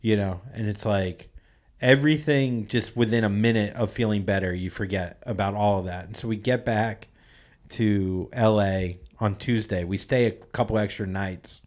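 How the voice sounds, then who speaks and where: A man's voice: fairly low pitch, darkish tone. A young man hosting a podcast, telling a story in a laid-back way with many "like"s and laughing asides. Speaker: podcast host. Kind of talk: casual storytelling chat.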